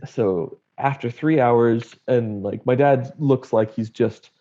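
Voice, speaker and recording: A man's voice: mid-range voice, slow, mellow. A young adult man candidly telling his personal story in an interview, wry and blunt, acting out what his family said. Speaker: guest sharing his story. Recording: dull lo-fi audio.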